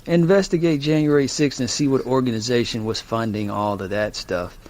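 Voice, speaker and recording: A man's voice: medium pitch, fairly even intonation, moderate pace, darkish tone. A man co-hosting a talk radio show, arguing his point and repeating himself to break in. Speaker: radio co-host. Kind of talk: casual talk radio debate.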